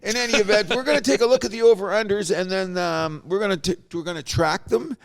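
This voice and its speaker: A man's voice: sits high, fast talker, creaky. A man hosting a podcast, talking sports in a jokey, storytelling way. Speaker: podcast host. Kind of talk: casual sports chat.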